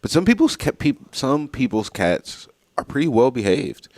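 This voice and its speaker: A man's voice: medium pitch, sing-song, normal speed, a little mellow, dry recording. A man co-hosting a morning radio show, reading a playful list and joking casually with his partner. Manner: laid-back, joking, chuckles often. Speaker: radio co-host.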